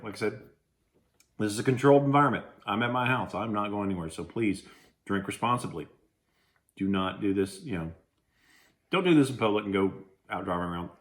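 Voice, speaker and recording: A man's voice: fairly low pitch, a bit bright. A man with a Texan accent chatting casually at home as he tastes and reviews snacks and drinks, rambling and restarting his sentences. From Texas. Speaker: food reviewer. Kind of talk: casual food-tasting vlog.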